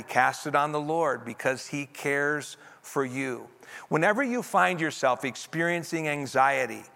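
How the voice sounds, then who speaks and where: A man preaching to his congregation in a church sanctuary, earnest and steady as he leads them through scripture. His voice is bright and slightly high. It rings out with the long reverb of a large hall. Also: creaky. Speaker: pastor. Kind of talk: sermon.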